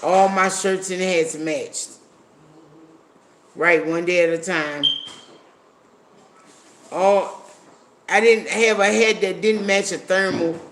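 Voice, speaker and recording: A man with a high voice talks slowly and bluntly on a livestream, swearing freely and thanking viewers by name. A faint hiss of noise sits under his voice. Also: fairly even intonation, fairly bright tone. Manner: blunt, profane, reads viewer comments aloud. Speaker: livestream host. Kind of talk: casual livestream chat.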